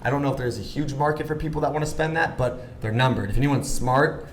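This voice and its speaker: A man in his thirties telling a story on a podcast as a guest, animated and full of "like", acting out the voices of people he quotes. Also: mid-range voice, fast, reverberant, a little hiss or hum. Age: 30s. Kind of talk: casual storytelling chat.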